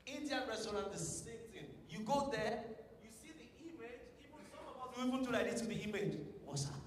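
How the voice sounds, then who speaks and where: A man's voice: very high voice, expressive, brisk. A man from Nigeria with a Nigerian accent, telling a stand-up comedy story with pidgin asides and acted quotes. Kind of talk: stand-up comedy set at a tech summit. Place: large conference hall. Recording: echoey hall, distant mic.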